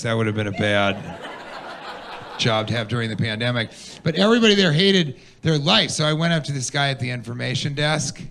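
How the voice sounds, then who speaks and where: A male stand-up comedian spins a wry airport anecdote on stage. His mid-range voice has a gravelly, fry-laced edge. He keeps the delivery animated and acts out the people he quotes. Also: mid-range voice.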